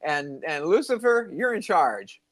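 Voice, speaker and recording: A man's voice: fairly high pitch, very animated, measured pace, a bit bright. An older man, co-host of a spiritual talk show, telling rambling stories in casual chat and now and then losing his train of thought. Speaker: podcast co-host.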